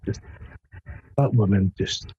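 A man's voice: on the low side, takes it slowly, warm tone, slightly rough. A Scottish man who works as a journalist co-hosting a crude, casual chat, giggling often and adding wry asides. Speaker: podcast co-host, journalist. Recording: muffled lo-fi audio.

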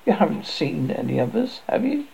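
A man putting on an anxious, plump young schoolboy who can't stop talking. The voice sits high and swings lively, with a dark, husky grain. It is read aloud for a story and recorded on a muffled lo-fi track. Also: normal speed, heavily acted. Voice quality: raised boyish pitch, plain working-class speech. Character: plump asthmatic schoolboy, anxious and eager to please. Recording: dull lo-fi recording.

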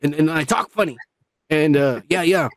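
A tipsy podcast host with a high, gravelly voice rambles crudely through casual banter and swears freely. The sound is dry and close, with no room ring. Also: male voice, normal speed, no room sound.

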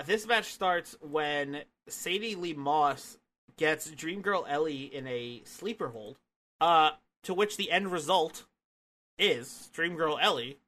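A man hosting a podcast, recapping a wrestling match in a relaxed, casual way with lots of fillers. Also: fairly high pitch. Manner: relaxed, filler-heavy play-by-play. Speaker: podcast host. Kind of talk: casual wrestling review chat.

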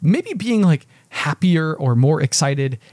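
A man's voice: fairly high pitch, big pitch swings, takes it slowly, a little mellow, no echo. A man co-hosting a podcast in casual chat, rambling and self-deprecating, with many fillers. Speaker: podcast co-host. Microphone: podcast mic with headphones.

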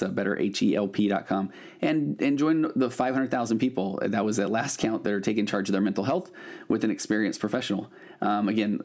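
A man's voice: lowish voice, darkish tone. A middle-aged man hosting a podcast as a therapist, talking casually with fillers and restarts. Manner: conversational, with frequent fillers and restarts. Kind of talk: casual podcast intro and ad read.

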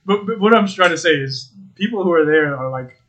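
Bright-voiced young man, blunt banter. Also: fairly high pitch, a little fast. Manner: blunt, profane, lively storytelling. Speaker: podcast co-host. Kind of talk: casual podcast banter.

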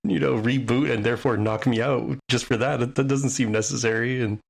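A man on a podcast panel sharing his opinion of an episode in a relaxed, thoughtful way. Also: medium pitch, a little fast, creaky. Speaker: podcast co-host. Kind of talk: casual discussion.

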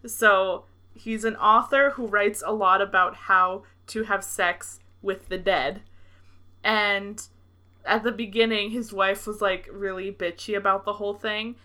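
A young woman co-hosting a podcast in casual chat, amused and thinking out loud as she talks through a story. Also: mid-range voice, steady tone, a little slow. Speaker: podcast co-host.

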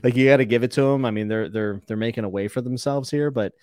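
A man co-hosting a casual book discussion podcast, giving blunt, animated opinions. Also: medium pitch, fast, dry recording, studio quality. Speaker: podcast co-host.

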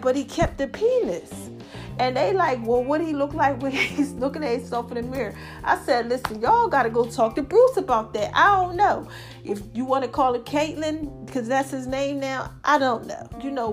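Woman, podcast host, casual monologue, high voice, laughs often, faint background music. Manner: chatty, laughs often, addresses listeners as y'all and baby.

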